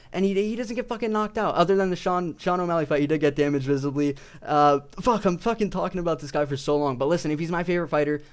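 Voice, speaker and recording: A young man ranting casually about his favorite fighters, swearing constantly and rambling. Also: on the high side. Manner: profane, rambling, excitable. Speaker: video creator.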